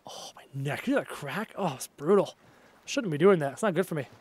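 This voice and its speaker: A man's voice: fairly high pitch, expressive, fairly quick, a little mellow, husky. Chatty young man streaming games live. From Canada. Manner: chatty, reads chat aloud and answers it. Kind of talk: casual live-stream chat while gaming.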